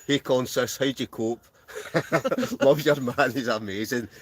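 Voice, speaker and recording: Scottish host, mid-pitched, playful live-stream banter from a tent. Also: male voice, measured pace, no room sound. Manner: jokey, laughs often, reads names aloud. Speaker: wild camping channel host. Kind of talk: casual live-stream chat reading out comments. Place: inside a heated camping tent.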